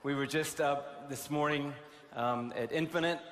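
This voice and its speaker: A man's voice: fairly high pitch, steady tone, a little slow. A man hosting a conference from an arena stage, gushing and loose, with lots of fillers. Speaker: conference host. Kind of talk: excited stage address. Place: large indoor arena. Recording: echoey arena with crowd noise.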